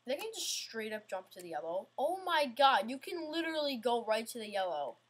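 A woman with a slightly raised, husky voice narrates her own gameplay in a loose, offhand way. She grumbles, mocks herself and scolds the game as she plays. The commentary stays casual and unscripted throughout. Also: on the high side, sing-song, a little fast. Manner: frustrated, self-mocking, talks to the game. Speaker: gamer playing an obstacle course game.

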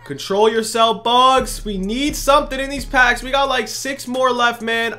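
A young man, a gaming YouTuber, giving excitable, slangy pack-opening commentary full of shouts of disbelief. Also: extremely high pitch, measured pace, hardly any pauses, faint music behind.

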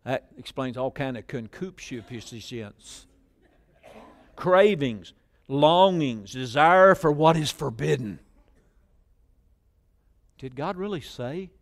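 Lively preacher, shouting and dropping low. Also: male voice, slow, pauses often. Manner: preaching with sudden shouts and quiet asides, asks the congregation to repeat phrases. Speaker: pastor. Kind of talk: sermon. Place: church.

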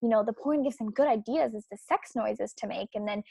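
A woman's voice: a little high, fairly quick, creaky, darkish tone, breathy edge, no room sound. A woman hosting a podcast, giving opinionated commentary in an indignant, emphatic and scornful way. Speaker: podcast host.

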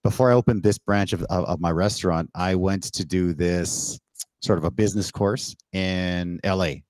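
A man from Canada hosting a casual interview, telling stories with animated energy and acted-out quotes. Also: low-pitched, moderate pace, no room sound. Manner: animated storyteller who acts out quotes with laughs. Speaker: podcast host. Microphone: remote call setup.

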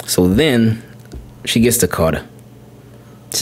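A man with a somewhat low voice tells a family story on his podcast in a relaxed, rambling way. He circles back and repeats words, and his pitch jumps up sharply whenever he quotes his little boy. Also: measured pace, breathy edge. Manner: rambling, repeats words, animated when quoting his son. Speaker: podcast host. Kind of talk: casual storytelling.

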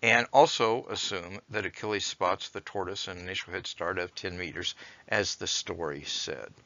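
Male teacher, measured explainer, bright forceful tone, dull lo-fi dry recording. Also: sits low. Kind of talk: recorded lecture with read-aloud story.

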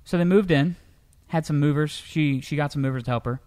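A man co-hosting a comedic news-story show, telling tales in a lively, animated way. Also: brisk. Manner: lively storyteller, jumps into high pitch for characters. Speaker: co-host.

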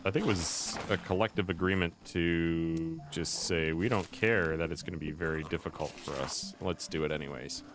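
A man's voice: low-pitched, normal speed, hardly any pauses. A man hosting a casual game live stream, chatty and friendly, greeting viewers by name and thanking them often. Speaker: streamer and host.

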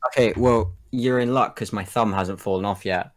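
Young english guy from england, kinda low voice, laid back, slangy guest chat. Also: fairly even intonation, moderate pace, soft background music. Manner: easygoing, uses street slang. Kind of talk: casual chat.

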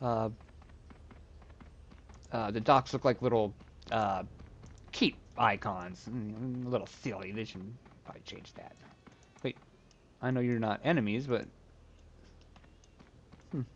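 A man's voice: on the low side, a little slow, long pauses, dull audio. A man streaming a game, rambling to himself in casual commentary and swearing freely.

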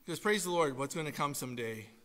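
A male pastor preaching an animated sermon, telling stories and breaking into loud, emphatic calls to his congregation. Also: fairly high pitch, fast talker, big-room sound. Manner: animated storytelling with sudden loud emphatic exhortations. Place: church sanctuary.

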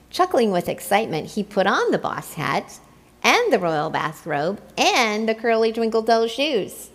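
A woman reading a children's picture book aloud in an expressive, playful way. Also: fairly high pitch, a little slow. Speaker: storyteller. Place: church.

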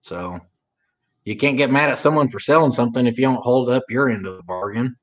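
A man's voice: mid-range voice, brisk, muffled recording. A man from Oklahoma co-hosting a livestream, chatting casually in a rambling, drawling way. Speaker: livestream co-host. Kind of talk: casual chat.

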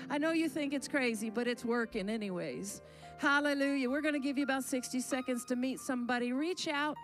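Brief: high-pitched woman leading church worship, fervent and rallying, soft music underneath. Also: normal speed. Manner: fervent, leads the congregation in laughter. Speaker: worship leader. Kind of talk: church exhortation. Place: church sanctuary.

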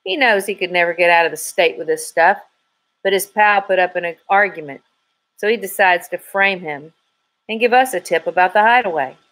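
A woman's voice: fairly low pitch, normal speed, fairly bright tone, lightly acted. A woman doing a blunt tough male trooper.

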